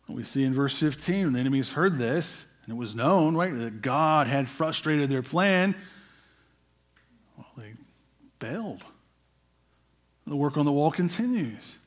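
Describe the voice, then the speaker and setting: A man preaching a sermon, asking his listeners questions and often adding "right?", sometimes dropping to a quiet voice for emphasis. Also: lively intonation, moderate pace. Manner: asks the congregation questions, frequent "right?" and repeated words; drops to a quiet, low voice for emphasis.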